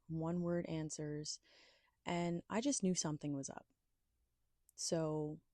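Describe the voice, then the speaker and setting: A woman's voice: deep voice, darkish tone, dry recording, studio quality. A woman hosting her own podcast, telling a personal story in a candid, confiding, emphatic way. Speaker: podcast host.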